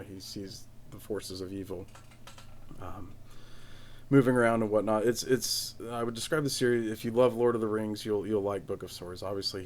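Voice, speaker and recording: A man's voice: fairly low pitch, slight background noise. A man hosting a casual solo podcast from home, rambling with many restarts and fillers. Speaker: podcast host.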